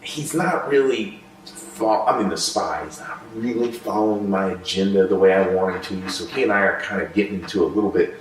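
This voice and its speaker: A man, a former military interrogator, telling stories in a measured conversational way and slowing down when he reflects. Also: low voice. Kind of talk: conversational storytelling. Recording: echoey room, voice far from mic.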